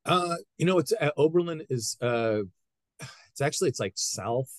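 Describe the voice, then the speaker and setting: A middle-aged man, a high school wrestling coach, telling stories in a casual interview with lots of restarts. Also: normal speed, dry recording. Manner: animated storyteller, frequent restarts.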